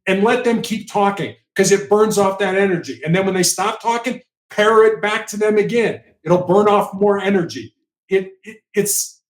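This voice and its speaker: A man's voice: high-pitched, reverberant. A man who was a negotiator, talking earnestly in an interview and repeating words when he pushes a point. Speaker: former hostage negotiator, guest. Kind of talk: conversational interview.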